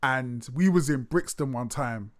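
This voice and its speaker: A man interviewing in casual chat and telling stories with lively acted-out quotes. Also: medium pitch, a little slow. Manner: animated storyteller, acts out other voices, swears casually.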